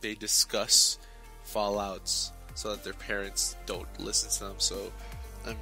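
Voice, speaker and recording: A young man hosting a casual book club talk, rambling with lots of halting restarts and fillers, recorded on a close mic. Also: fairly low pitch, level tone, over music.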